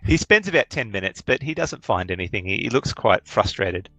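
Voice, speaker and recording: A man narrating as game master, with many pauses and restarts. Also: fairly low pitch, very animated, a bit bright, dry recording. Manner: hesitant, full of ums and restarts.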